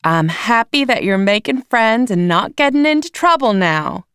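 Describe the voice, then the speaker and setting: A woman's voice: a little high, animated, normal speed, a bit bright, smooth, no room sound, studio quality, voice pushed up. A woman reading aloud, voicing a bossy older aunt who lectures firmly. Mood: lecturing. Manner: lecturing, firm.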